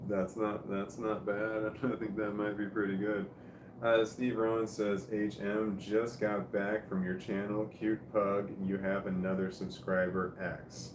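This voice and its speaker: A man with a Midwestern accent drawls through the chat on his livestream, slow and mumbling, high and drowsy. His voice sits a little low. The room around him echoes. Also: flat delivery, background noise. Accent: American Midwestern. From American Midwest. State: high and tired. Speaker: livestream host reading chat.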